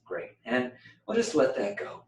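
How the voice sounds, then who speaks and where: A man's voice: mid-range voice, wildly swooping pitch, measured pace, roomy sound, a little hiss or hum, low-quality recording. A man leading a meditation workshop, playfully demonstrating phrases and changing his voice to model them. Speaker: meditation teacher. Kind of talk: guided group workshop.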